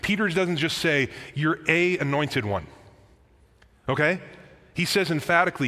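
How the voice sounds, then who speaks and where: A man's voice: fairly high pitch, normal speed, sharp tone. Earnest preaching man in a reverberant church. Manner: earnest, emphatic preaching with casual asides. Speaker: pastor. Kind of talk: sermon. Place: church sanctuary.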